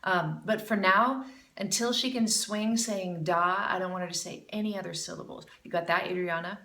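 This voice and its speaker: A woman teaches jazz singing, critiquing a student and encouragingly demonstrating phrases with scat syllables. Her voice is lowish, pushed and bright, at a moderate pace, sounding roomy and far from the mic.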